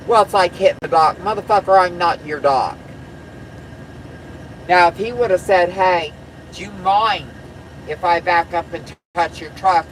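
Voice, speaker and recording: A woman's voice: deep voice, slight background noise, rough recording. A woman truck driver chatting on a live stream, blunt and profane, rambling from one topic to the next. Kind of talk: casual live-stream chat.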